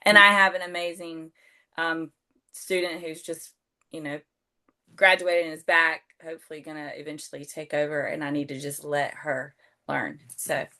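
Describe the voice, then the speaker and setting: A woman's voice: low voice, level tone, normal speed, pushed and bright. A woman from Georgia sharing candidly on a group video call. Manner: candid, plainspoken. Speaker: call participant. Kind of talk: casual chat.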